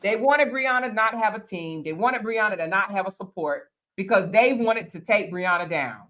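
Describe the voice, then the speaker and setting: A woman's voice: mid-range voice, animated, normal speed, fairly bright tone. A woman hosting a casual group chat, talking bluntly, cursing freely and repeating phrases for emphasis. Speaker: panel host.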